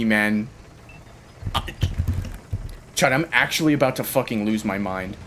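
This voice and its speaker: A man's voice: on the low side, measured pace, pauses often, a bit bright, a little hiss or hum. A man giving live gameplay commentary while playing with teammates, ranting at them in a frustrated, profane way. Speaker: gamer playing online with teammates.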